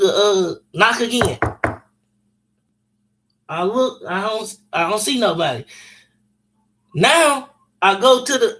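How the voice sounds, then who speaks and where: Man, casual storyteller, bright and forceful, blunt, profane street slang. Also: sits high.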